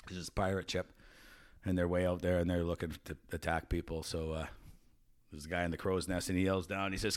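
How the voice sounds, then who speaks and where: A man's voice: deep voice, fairly even intonation, a little fast. A man co-hosting a casual podcast chat, telling stories and jokes in a loose, profane way and laughing at his own punchlines. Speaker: podcast co-host.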